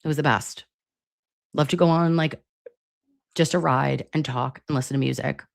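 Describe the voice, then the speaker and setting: A woman in her forties from Massachusetts hosts a casual livestream chat, chatty and profane, with "like" filling her speech. Her voice is deep and gravelly, with fairly even intonation and a moderate pace, recorded in studio quality with no echo.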